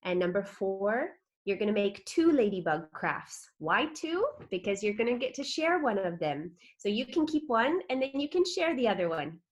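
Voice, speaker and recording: A woman's voice: medium pitch, very animated, normal speed. A woman with a Texan American accent teaching a children's club lesson over a video call, upbeat and chatty, often checking that listeners follow. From Texas, USA. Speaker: club director teaching an honor. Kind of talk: online class presentation.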